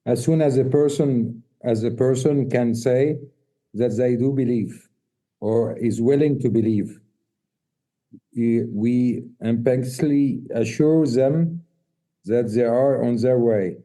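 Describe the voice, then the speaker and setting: A man in a video-call workshop who reads a text aloud haltingly and often restarts. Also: medium pitch, warm tone, rough recording. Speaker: workshop participant reading aloud.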